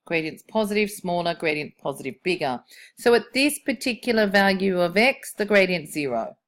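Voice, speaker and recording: A woman's voice: on the low side, animated, moderate pace, fairly bright tone. A woman maths teacher, talking a class through graphs as she thinks aloud and asks them questions. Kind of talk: classroom lesson on curve sketching.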